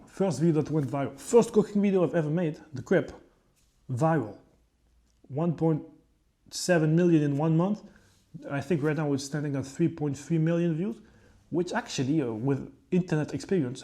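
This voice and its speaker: Young French-accented male vlogger, mellow and dark, slightly high, rambling and swearing casually. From France. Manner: rambling and profane, with frequent asides. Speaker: chef and fitness creator. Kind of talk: casual vlog monologue.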